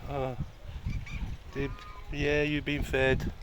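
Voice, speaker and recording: A man's voice: medium pitch, monotone, very slow, noisy background. A man filming his rescue cats, talking to them in a coaxing, affectionate way. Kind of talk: casual talk to animals.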